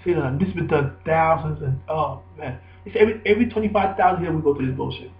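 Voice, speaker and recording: A man's voice: fairly high pitch, fast. A man giving a rambling, preachy spoken monologue, repeating himself for emphasis. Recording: echoey, dull lo-fi recording.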